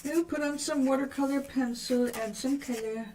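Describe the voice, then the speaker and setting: A woman's voice: sits high, moderate pace, dark tone, a little hiss or hum. An older woman chatting casually on a livestream as she paints, musing aloud and answering viewers' questions. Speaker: livestream host. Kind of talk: casual chat while painting.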